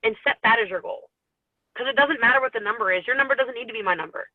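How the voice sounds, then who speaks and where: A woman's voice: on the high side, fast talker, no room sound. Chatty woman team leader, rambling motivational talk, teary and sniffly, tinny phone-like sound, very dry. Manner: chatty, rambling, laughs often. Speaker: network marketing team leader.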